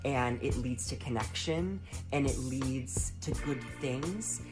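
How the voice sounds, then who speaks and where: A woman's voice: a bass voice, takes it slowly, music in the background. A woman talking straight to camera in an upbeat vlog style, bubbly and sing-song with chirpy sign-offs. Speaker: social media video creator.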